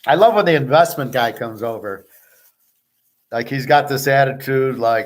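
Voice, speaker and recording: A man's voice: mid-range voice, lively intonation, normal speed. A man hosting his own show, telling stories in a blunt, boastful, profane casual monologue and acting out both sides of each exchange. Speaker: host of a sports picks show.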